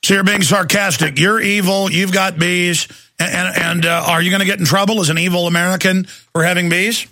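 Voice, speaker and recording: A man hosting a talk radio show, ranting heatedly and shouting at times, then taking calls. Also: high voice, fairly even intonation. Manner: angry, shouting at times, fast bursts.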